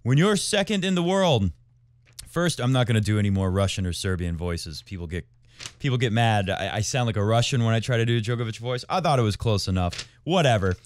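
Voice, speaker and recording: A man's voice: fairly low pitch, expressive, brisk. A man hosting a tennis podcast and working as a tennis coach, talking in a chatty, rambling way that jumps between tangents. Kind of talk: casual tennis commentary.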